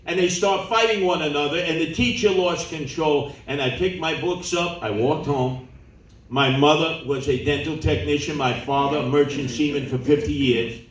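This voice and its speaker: A man, telling animated stories at a campaign town hall and acting out the people in them. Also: on the high side, normal speed, distant mic. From New York City. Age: 70s. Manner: animated storyteller who acts out quoted people. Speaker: political candidate at a town hall. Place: large indoor meeting room. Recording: roomy hall, voice off-mic.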